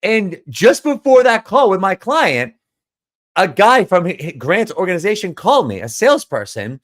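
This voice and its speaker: A man's voice: high-pitched, very animated, normal speed. A man who coaches business owners, telling a story in a casual monologue, earnest and emphatic, often restarting and repeating words.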